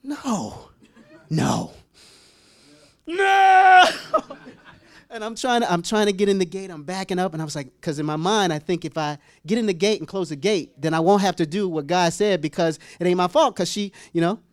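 A man preaching a humorous storytelling sermon as pastor, acting out scenes with sudden high squeals and laughter. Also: brisk, no echo. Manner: animated, acts out voices with sudden high-pitched squeals and laughs.

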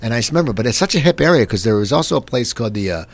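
Fast-talking man hosting a chat. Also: mid-range voice. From New Jersey. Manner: fast, rambling, animated storytelling. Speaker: podcast host. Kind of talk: casual interview chat.

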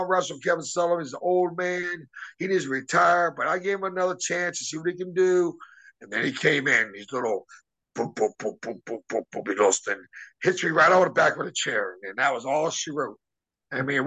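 A man's voice: on the high side, bright, forceful tone, husky, rough recording. A middle-aged man, a former wrestler, telling a story casually and animatedly, acting out quotes with lots of restarts and fillers.

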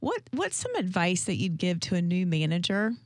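A woman's voice: lowish voice, wildly swooping pitch, moderate pace, no room sound, studio quality. A woman co-hosting a talk radio show, asking a question in a friendly, joking way. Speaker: co-host.

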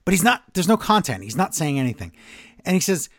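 A man's voice: a little high, very animated, quick pace, no echo, clean studio sound. A man co-hosting a wrestling podcast, ranting in an exasperated, sarcastic way in casual chat. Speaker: podcast co-host.

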